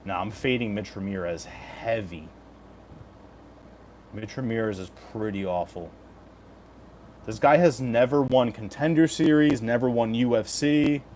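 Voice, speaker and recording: A man in his mid-thirties hosts a casual live stream, joking, swearing and reading chat messages aloud. His voice sits at an ordinary middle pitch, with a faint hum of background noise behind him. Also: measured pace, pauses often, a little mellow. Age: 30s. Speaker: betting picks streamer.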